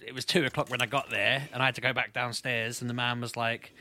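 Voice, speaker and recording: Chatty man telling stories with a bright voice. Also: mid-range voice, little pitch movement, fast, slight background noise. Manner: laughing, storytelling, teasing. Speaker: podcast co-host. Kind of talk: casual chat among friends.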